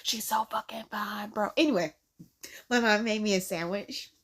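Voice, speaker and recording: A woman's voice: medium pitch, normal speed, a bit bright. A woman hosting a reaction video, talking in a slangy, offhand way. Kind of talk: casual reaction chat.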